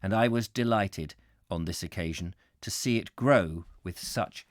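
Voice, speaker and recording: In a live-streamed book reading, a man with a low, slightly slow voice hosts and reads aloud. Between passages he chats, and he laughs at his own slips over words.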